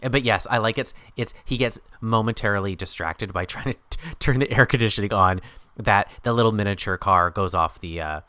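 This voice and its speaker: A man's voice: on the low side, a little fast, pushed and bright, dry recording. A man co-hosting a podcast, chatting casually about a TV series with jokey, sarcastic asides. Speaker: podcast co-host. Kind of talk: casual chat about a TV show.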